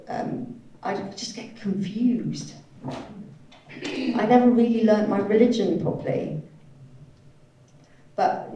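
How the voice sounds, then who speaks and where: Woman halting through a talk in an echoey hall. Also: mid-range voice, warm tone. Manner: halting, hedging with frequent "sort of" and "you know". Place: large conference hall. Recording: echoey hall from a distant mic.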